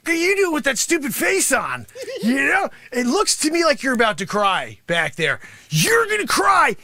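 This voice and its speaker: A man doing a shouting, bragging karate sensei. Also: very high voice, no echo, pitched above the performer's own voice, heavily acted. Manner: boastful, berating, yelling at students. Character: brash greedy male martial arts sensei. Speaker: improv comedian. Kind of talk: improvised comedy character monologue.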